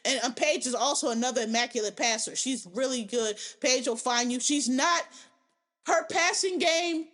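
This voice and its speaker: A woman hosting a podcast, giving animated, profane, opinionated commentary in casual chat. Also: high voice, moderate pace. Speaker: podcast host.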